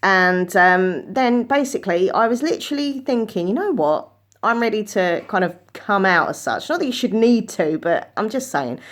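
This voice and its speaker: A woman telling a personal story to camera, in an earnest, chatty way, often jumping up in pitch when she quotes herself. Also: lively intonation, moderate pace.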